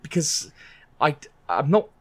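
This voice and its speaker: A man's voice: fairly high pitch, wildly swooping pitch, slow, fairly bright tone. A man co-hosting a gaming podcast, talking casually and frankly with lots of hesitations and restarts. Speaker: podcast co-host.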